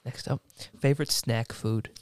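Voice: mid-range voice, steady tone, moderate pace. A young host of a casual interview, asking questions in an easygoing way.

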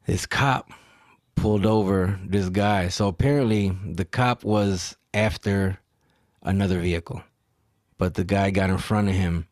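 Profane, animated man on a podcast. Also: sits low, unhurried, no room sound, studio quality. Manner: profane, animated storyteller acting out quotes; emphatic, rhetorical questions. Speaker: podcast host. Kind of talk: solo podcast storytelling.

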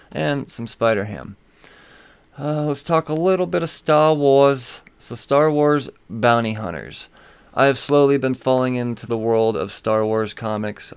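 A man's voice: mid-range voice, clean tone. A man hosting a podcast, chatting casually about comic books in a rambling, profane way with frequent fillers. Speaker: podcast host. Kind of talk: casual comic book news chat.

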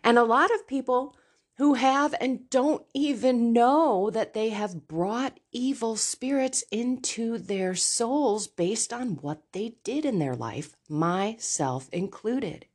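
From a chair in a home, a middle-aged woman hosts a Catholic podcast in a slightly high, animated voice. She opens up about her faith in a frank, confessional way, choosing her words slowly and deliberately.

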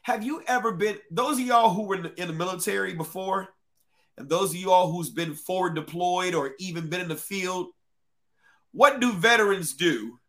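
A man's voice: sits high, normal speed, bright, forceful tone. A man hosting a casual livestream, talking straight to his chat with blunt, profane remarks. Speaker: livestream host.

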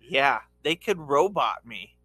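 Man, podcast co-host, joking banter, lively high voice, dry close sound. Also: takes it slowly, husky, no room sound. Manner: joking, laughs often.

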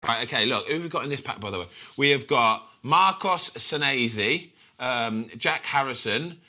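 A man hosting a casual football chat show, excitable and chatty with plenty of slang. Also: mid-range voice, normal speed, faint music behind. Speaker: host.

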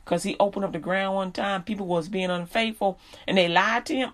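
A woman's voice: mid-range voice, fairly even intonation, fairly quick, hardly any pauses. A woman preaching a sermon, reading scripture aloud and then explaining it in casual street slang.

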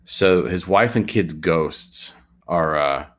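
A man co-hosting a comedy podcast, pitching absurd movie ideas in a deadpan way. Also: takes it slowly. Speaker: podcast co-host.

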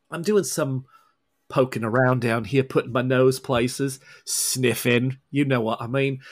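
A man's voice: medium pitch, lightly acted. A man voicing a wry, swaggering Scottish woman vampire in a tabletop game, with a folksy, teasing drawl. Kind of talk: tabletop role-play voicing.

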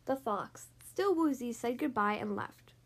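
A woman reading a children's picture book aloud, slowly and expressively. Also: fairly high pitch, animated. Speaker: reader.

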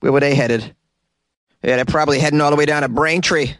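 A man's voice: on the high side, fairly even intonation, fairly quick, fairly bright tone, dry recording, clean studio sound. A man putting on a thick Boston accent to read the news as a brash local, mocking and full of "friggin'". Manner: exaggerated, cursing "friggin'", mocking.

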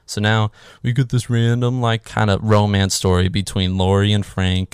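Man, low voice, sarcastic, casual movie recap, swears, dry recording. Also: level tone, moderate pace, smooth, no echo. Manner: sarcastic, swears freely, filler "like".

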